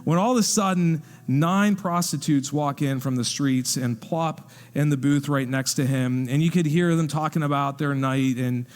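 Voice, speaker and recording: Storytelling preacher, echoey church. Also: male voice, a little high, moderate pace, few pauses. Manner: lively narration, acting out the people in the story. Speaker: pastor. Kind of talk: sermon storytelling. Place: church hall.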